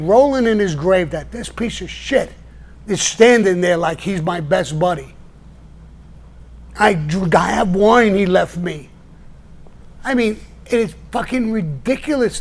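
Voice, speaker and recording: An older man talks on a live stream, blunt and heated, cursing freely as he answers his critics. His voice sits fairly high for a man. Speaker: show host answering viewers.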